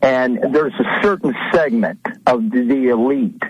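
A man's voice: medium pitch, measured pace, slightly rough, no room sound, dull audio, faint music behind. A man calling in to a radio show, rambling a little, repeating his words and chuckling now and then. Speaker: radio caller. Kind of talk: casual call-in talk.

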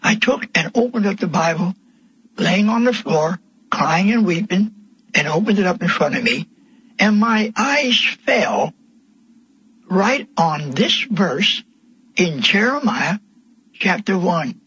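An older man preaching a sermon, telling his testimony slowly and emphatically, with voice rising into cries. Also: high voice, animated, a bit bright, breathy edge, dry recording, highs cut off. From Pennsylvania, USA.

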